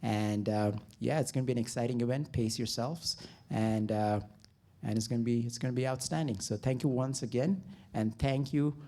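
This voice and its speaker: A man's voice: mid-range voice, fairly even intonation, moderate pace, dark tone. A man who is president of a sports federation, giving an upbeat, loosely worded welcome speech with many fillers.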